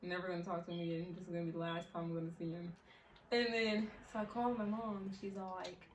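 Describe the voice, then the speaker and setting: A woman's voice: fairly low pitch, steady tone, fast talker, distant mic. A teenage girl telling a casual storytime, chatty and full of fillers. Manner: chatty, many fillers, laughs often. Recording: echoey room, mic set back, faint hiss.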